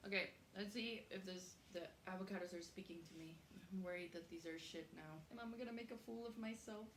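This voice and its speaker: A woman's voice: medium pitch, normal speed, slight background noise. A young woman hosting a casual cooking vlog in her home kitchen, chatty, swearing freely and laughing easily. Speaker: cooking show host. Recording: roomy kitchen echo.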